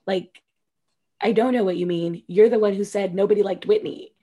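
A woman's voice: mid-range voice, moderate pace, dark tone, slightly rough. A woman co-hosting a casual podcast, animatedly recapping a reality show, acting out quotes and swearing freely. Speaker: podcast co-host.

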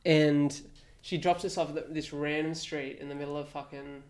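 A man's voice: on the high side, little pitch movement, normal speed, darkish tone. A young Australian man co-hosting a podcast, telling a story in a blunt, sweary, laughing way. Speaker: podcast co-host. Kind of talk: casual storytelling chat.

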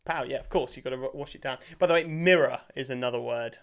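A man's voice: medium pitch, fast talker, creaky, smooth. A British man hosting a casual interview, chatty and full of fillers, laughing easily. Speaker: podcast host.

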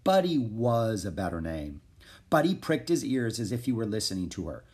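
Calm man reading a children's book. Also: lowish voice, moderate pace. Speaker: narrator. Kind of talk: storybook narration.

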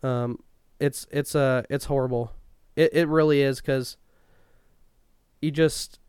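A man's voice: mid-range voice, steady tone, takes it slowly, a little mellow, smooth, no echo, clean studio sound. A young man co-hosting a podcast, talking loosely in a rambling way and swearing often. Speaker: podcast co-host. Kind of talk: casual chat.

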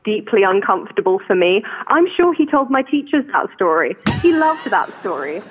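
A woman's voice: medium pitch, big pitch swings, a little hiss or hum. British woman on a tinny phone line. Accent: British English. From England. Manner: candid, self-conscious, quick to laugh. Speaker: caller. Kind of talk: phone-in conversation.

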